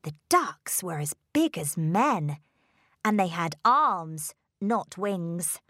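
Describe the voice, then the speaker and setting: Woman reading a kids story really slowly, lively voice, dry close sound. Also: fairly low pitch, dry recording. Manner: slow, careful, expressive read-aloud delivery. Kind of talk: scripted storybook narration.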